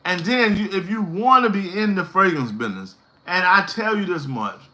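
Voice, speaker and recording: A man's voice: high-pitched, pushed and bright. A middle-aged man giving a blunt motivational monologue to the camera, preachy and slangy, lecturing with emphasis. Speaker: fragrance business vlogger.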